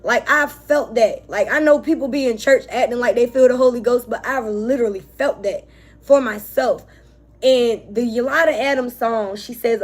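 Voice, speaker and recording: A woman's voice: a little high, moderate pace. A woman giving an emotional spiritual tarot reading, talking casually and emphatically to her viewers. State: tearful, on the verge of crying. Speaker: tarot reader.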